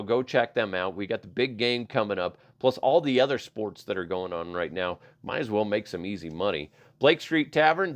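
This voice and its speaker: A middle-aged man hosting a podcast, chatting casually about odd news with lots of swearing and laughter. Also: lowish voice. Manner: profane, laughing, riffs into silly voices. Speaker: podcast host. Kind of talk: casual comedic news chat.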